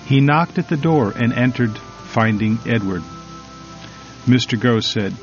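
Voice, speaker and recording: A man reading a devotional story and reflection in a measured, solemn manner with drawn-out emphasis. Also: mid-range voice, expressive. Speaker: devotional reader. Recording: slightly dull recording over faint music.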